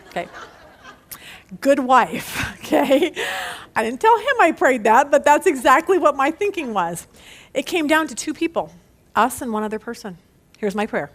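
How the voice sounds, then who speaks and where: A middle-aged woman leading a women's Bible study, chatty and animated, laughing at herself as she teaches. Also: sits high, normal speed.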